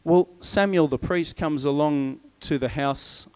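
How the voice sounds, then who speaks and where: A man preaching a sermon, retelling a story in a lively way and acting out the voices of its people. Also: fairly high pitch, a little slow, clear, resonant tone.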